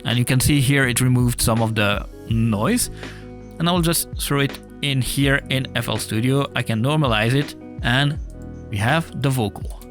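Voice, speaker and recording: A man's voice: mid-range voice, normal speed, soft background music. Casual tutorial guy with an accent. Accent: non-native English accent. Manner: casual, explanatory, with filler uhs. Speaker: music production tutor. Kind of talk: screen-recorded software tutorial. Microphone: desktop USB mic.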